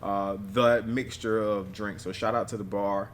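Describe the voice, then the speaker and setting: A man's voice: fairly low pitch, fairly even intonation, a little slow, slight background noise. A man co-hosting a casual chat podcast as a newlywed groom, speaking in in a laid-back way that drops to a murmur, and laughing often.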